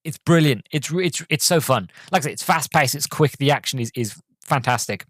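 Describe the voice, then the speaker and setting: A man's voice: medium pitch, animated, brisk, fairly bright tone, no echo. A man hosting a podcast, giving a casual, rambling movie review with lots of filler words and plenty of enthusiasm. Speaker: podcast host.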